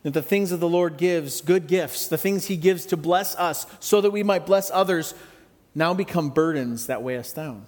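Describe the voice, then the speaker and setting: A man preaching a sermon in a conversational, reflective way with gentle humor. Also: a little high, moderate pace, in a large hall. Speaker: pastor.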